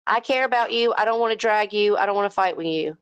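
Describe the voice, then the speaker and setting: A woman from the American South co-hosts a livestream at home on a headset mic, ranting casually but heatedly, blunt, fired-up, and swearing a lot. Her voice is mid-range and clean with no echo, though the recording is muffled, and she talks fast.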